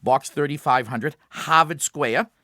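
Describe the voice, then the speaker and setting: A man's voice: fairly high pitch, unhurried, sharp tone, dry recording, studio quality. A man co-hosting a jokey radio car show, telling jokes, stumbling over his words and laughing often.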